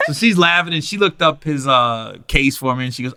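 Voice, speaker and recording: A man in his forties hosts a casual podcast, with a lively voice that jumps around a lot in pitch. His tone is bright and a little tense. He tells stories loosely, swears freely, and slips into other people's voices for quotes. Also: fast talker, hardly any pauses. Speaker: podcast host. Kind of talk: casual storytelling chat.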